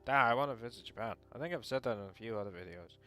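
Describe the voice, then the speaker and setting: A man's voice: medium pitch, animated, racing, pushed and bright, soft background music. A young man reading a visual novel aloud and rambling off into casual, mildly sweary asides. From England. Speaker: game streamer.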